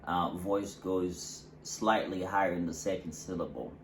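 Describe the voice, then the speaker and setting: A man with a very deep voice explains English pronunciation in a relaxed, casual way, stopping often for fillers and examples. The room sounds echoey, with faint noise underneath. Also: unhurried. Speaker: English teacher, co-host. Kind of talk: casual teaching.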